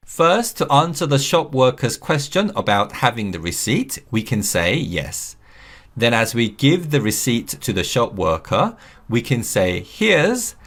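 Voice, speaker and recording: A man teaching English, reading out model phrases slowly and clearly for learners to repeat. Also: mid-range voice, a bit bright. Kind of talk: scripted lesson narration.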